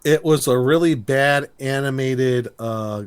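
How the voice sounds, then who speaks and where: A man's voice: medium pitch, slow, clear, resonant tone, dry recording. A laid-back man with a mid-range voice co-hosts a casual podcast. He mostly chimes in with short agreeing replies and now and then adds his own details. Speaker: podcast co-host. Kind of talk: casual recap chat.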